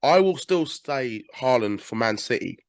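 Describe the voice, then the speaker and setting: A British man in his thirties hosting a casual podcast interview over a call, chatty and quick to laugh. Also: medium pitch, lively intonation, no room sound, studio quality. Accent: British English. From England. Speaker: podcast host.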